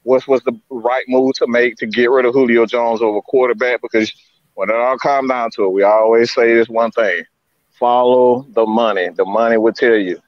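A man co-hosting a fan sports show from home, hoarse after losing his voice, stammering and distraught. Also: no echo, dull audio. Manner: distraught, stammering, high-pitched outbursts. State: hoarse, lost voice. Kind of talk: emotional live sports fan chat. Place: at home, hot house.

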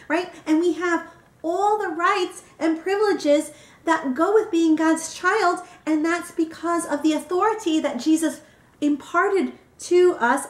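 A woman teaching a Bible study, often checking in with her listeners by asking "right?". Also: high voice. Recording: roomy echo.

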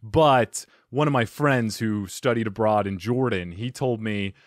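A man's voice: fairly low pitch, unhurried, no echo, clean studio sound. Jokey self-deprecating male podcast host. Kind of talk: casual interview chat.

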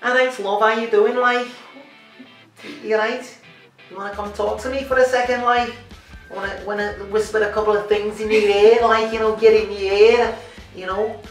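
A man's voice: high voice, fairly even intonation, normal speed, close to an everyday voice. A man putting on a cocky Liverpool lad. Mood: cocky flirting. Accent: put-on Liverpool. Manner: cocky, flirting, swearing. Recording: roomy, distant, music behind.

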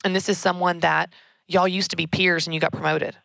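Emphatic woman with a gravelly low voice. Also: brisk, dry recording, studio quality. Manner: energetic, emphatic, repeats key words. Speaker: podcast host answering a listener question. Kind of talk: casual advice talk.

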